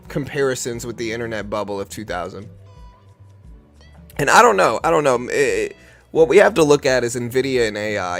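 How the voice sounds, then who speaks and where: A man hosting a live day-trading stream, talking casually and rambling with restarts, still getting over an illness. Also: mid-range voice. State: recovering from illness, a bit slow.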